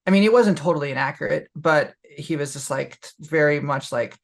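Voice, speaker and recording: A young woman with a gravelly edge to her voice tells a story on a podcast. She talks candidly and loosely, leaning on fillers as she goes. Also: deep voice, brisk. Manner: candid, lots of fillers, laughs while telling. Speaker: podcast co-host. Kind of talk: casual storytelling.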